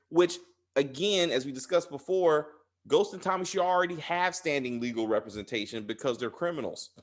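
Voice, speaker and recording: A man co-hosting a casual TV recap chat, acting out character lines in an animated way. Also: medium pitch, moderate pace. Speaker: podcast co-host.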